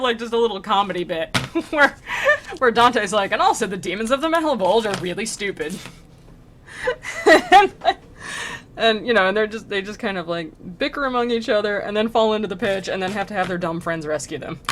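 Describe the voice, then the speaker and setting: A woman streamer with a bright, clear voice pitched in the middle of the usual range reads stiff archaic verse and then loosens into a rambling, filler-laden retelling. Her throat sounds sore. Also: lively intonation, moderate pace, slight background noise. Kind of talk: casual retelling of a classic poem.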